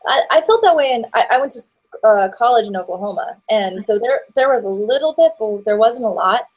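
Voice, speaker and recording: A woman in her twenties, an actress and voiceover performer, chatting as a guest in a relaxed, rambling way with plenty of fillers. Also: on the high side, brisk, poor audio. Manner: rambling, many fillers and restarts, stop-start. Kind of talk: casual interview chat.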